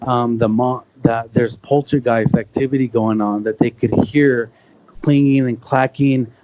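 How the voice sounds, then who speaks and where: A man's voice: medium pitch, fairly even intonation, unhurried. A young man telling a long eerie story in a casual, rambling way, full of restarts and asides. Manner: rambling, with many restarts and fillers like "you know". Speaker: podcast guest telling encounter stories. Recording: slightly dull lo-fi sound.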